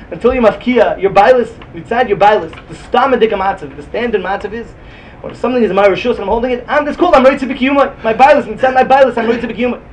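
High, fast-talking yeshiva lecturer. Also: male voice. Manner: animated, sing-song talmudic cadence. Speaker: Talmud teacher. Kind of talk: yeshiva-style Talmud lecture. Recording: distant mic, faint room noise.

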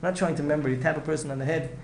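As a rabbi giving an earnest Torah lecture, a man races along in a voice on the high side with fairly even intonation. He repeats himself, begins phrases anew, and mixes Hebrew with Yiddish. The echoey recording has faint ambience and a little hiss or hum.

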